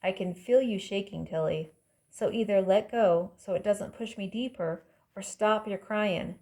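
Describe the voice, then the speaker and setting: A man's voice: high-pitched, unhurried, darkish tone. A woman voicing a trapped young man with dry, wisecracking humor. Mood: wry. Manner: dry, joking under strain.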